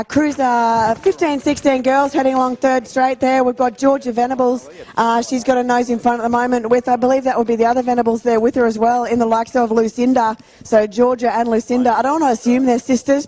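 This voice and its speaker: A woman's voice: a little high, warm tone. A woman commentating live races at an outdoor track in a chatty manner. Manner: chatty, self-correcting. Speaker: race announcer.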